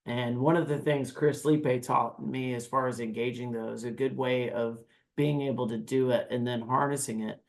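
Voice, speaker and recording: A man on a podcast breaking down screaming techniques in a casual, animated way, now and then demonstrating growls and screams. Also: mid-range voice, moderate pace, vocal fry, hardly any pauses. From United States. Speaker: guest vocalist. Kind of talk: podcast interview, explaining vocal technique.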